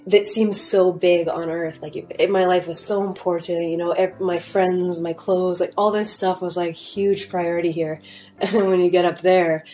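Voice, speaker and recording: A woman's voice: on the low side, fairly even intonation, moderate pace, dark tone, poor audio. A young woman telling her own story in a casual, rambling way, full of fillers and restarts, at home. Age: young adult. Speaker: storyteller sharing a near-death experience. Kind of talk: casual first-person testimony.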